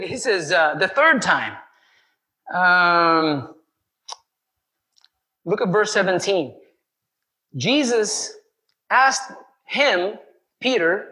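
A man's voice: a little high, a bit bright, rough recording. A man preaching a sermon, talking in a chatty way, acting out the voices of people in the story and putting questions to his listeners. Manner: conversational, acts out quoted voices, asks the congregation questions.

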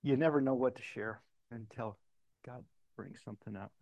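An older male preacher delivers a sermon in an easygoing, conversational manner. He tells personal stories and cites scripture chapter and verse. His voice sits at a middle pitch and sounds dry and close, with little room sound. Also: normal speed, creaky, no room sound, highs cut off. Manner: conversational storytelling preacher, quotes scripture references.

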